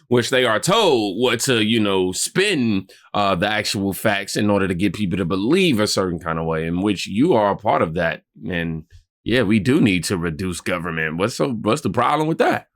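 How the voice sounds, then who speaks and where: A man hosting a news reaction video, sarcastic and animated, laughing often as he comments on clips. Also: on the low side.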